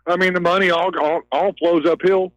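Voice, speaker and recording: A man's voice: high-pitched, steady tone, a little fast, dry recording, poor audio. A man ranting heatedly on a talk radio call, repeating himself and swinging between outrage and despair. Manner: agitated, ranting, repeats words.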